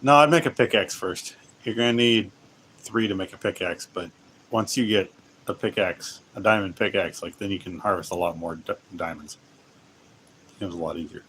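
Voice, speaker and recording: A man's voice: low-pitched, moderate pace, fairly bright tone, a little hiss or hum. A man hosting a casual livestream while playing a game, rambling and restarting sentences as he chats with viewers. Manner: rambling, self-interrupting, laughs often. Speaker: livestream host.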